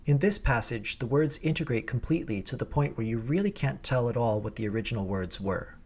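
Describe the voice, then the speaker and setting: A man's voice: mid-range voice, brisk, darkish tone. A man coaching choir singers in a recorded rehearsal lesson, explaining diction precisely and patiently.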